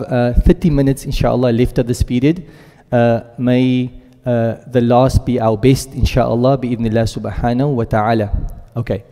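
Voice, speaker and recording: A male Quran teacher giving a classroom lesson, explaining step by step, checking in often with the class and reciting Arabic verb forms in quick runs. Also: medium pitch, mellow, big-room sound.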